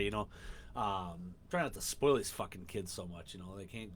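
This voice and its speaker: Guy in his 30s talking at home on his podcast, swears a ton, rambles, lowish voice. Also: normal speed, slight background noise. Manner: profane, rambling and excitable. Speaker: podcast host. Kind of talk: casual solo podcast chat. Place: home room.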